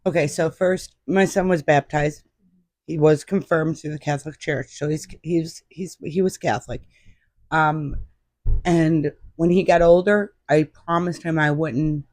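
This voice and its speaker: A middle-aged woman speaks as a podcast guest, telling a personal story with lively emphasis. The recording is dry and close, with no room sound. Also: low voice, no room sound.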